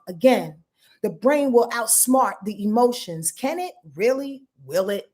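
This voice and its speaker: A woman with a slightly high, darkish voice speaks in an animated but unhurried way. She's an astrologer hosting her own channel, giving a casual live rundown. Profane and emphatic, she addresses her viewers directly, reading their comments aloud and responding.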